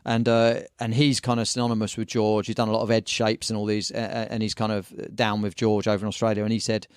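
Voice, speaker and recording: A man, a surf shop owner and magazine editor guesting on a podcast, telling animated, slangy stories in casual chat. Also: on the low side, fast, clean tone, no echo, clean studio sound.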